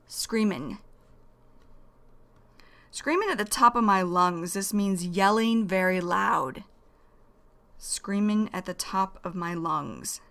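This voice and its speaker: A woman teaching English vocabulary in a slow, careful lesson, repeating each key phrase. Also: medium pitch, a bit bright.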